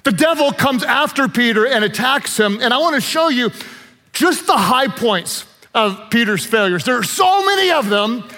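A man preaching a sermon as pastor, animated and playful, acting out quotes with humor. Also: very high voice, moderate pace, big-room sound.

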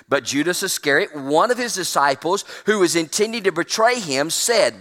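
A man delivers a folksy, emphatic sermon, drawing out the words he wants to land. His voice sits high and bright. The sound rings with long reverb from a church sanctuary. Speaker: pastor.

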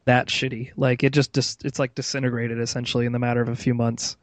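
A man's voice: mid-range voice, little pitch movement, fast, dry recording. A man hosting a casual tech podcast, chatty and rambling, with many fillers and restarts. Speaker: podcast host.

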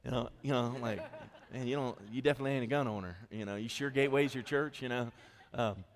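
Lively storytelling pastor in a reverberant hall. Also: male voice, mid-range voice. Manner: storytelling, animated and conversational, quick asides. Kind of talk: sermon. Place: church hall.

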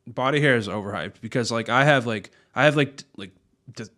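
A man's voice: mid-range voice, a little fast, fairly bright tone. A man co-hosting a podcast, talking in a laid-back, casual way, swearing often and trailing off. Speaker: podcast co-host. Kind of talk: casual chat.

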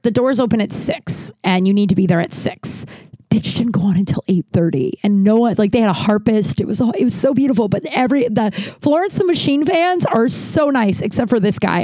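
A woman's voice: medium pitch, darkish tone, no echo. A woman in her thirties telling a bar story in a casual, rambling and profane way.

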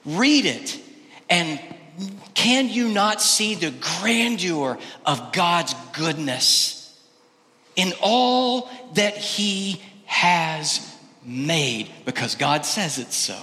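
Male pastor, sermon, bright and forceful voice, emphatic with hushed drops, long hall reverb. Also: sits high, lively intonation, drawn-out words. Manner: emphatic, swings between loud exclamations and quiet hushed lines. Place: church sanctuary.

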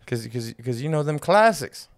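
A man's voice: mid-range voice, very animated, normal speed, crowd noise. A man co-hosting a casual podcast chat, speaking in loose slang, cursing freely and repeating words as he works toward his point. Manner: loose slangy talk, swears freely, stumbles over repeated words when making a point. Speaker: podcast co-host.

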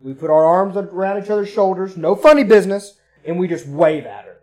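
A man telling a story in casual chat, animated and profane, acting out what people said. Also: high voice, a little fast. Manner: profane, animated, acts out quotes.

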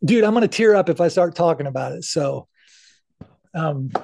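Middle-aged male guest, high voice, candid and earnest, casual cusser. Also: expressive, normal speed, creaky, a little mellow, a little hiss or hum. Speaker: podcast guest. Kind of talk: casual interview talk.

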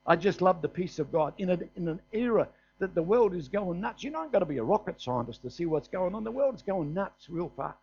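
A man's voice: high voice, lively intonation, a little fast, creaky, hardly any pauses, a little mellow, breathy edge. An older man with an Australian accent, preaching a sermon in a folksy storytelling way, often asking "is that right?". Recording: dull, muffled sermon recording.

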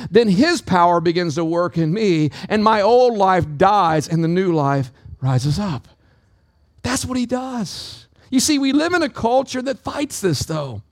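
High-voiced man preaching a sermon. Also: no room sound, clean studio sound. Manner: preaching with call-outs to the congregation; dynamic delivery, swinging pitch and pace. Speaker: pastor.

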